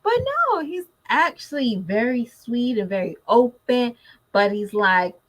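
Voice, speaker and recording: A woman's voice: a little high, a little slow, low-quality recording. A woman, a mother, talking casually and animatedly to her viewers in a vlog. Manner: chatty, animated, talks straight to viewers. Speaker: mother vlogger. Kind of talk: casual chat to camera.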